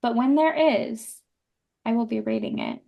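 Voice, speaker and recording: A woman's voice: a little high, normal speed, gravelly, lo-fi sound. A young woman co-hosting a casual book podcast, chatty and full of fillers. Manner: chatty, lots of fillers, laughs easily. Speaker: podcast co-host.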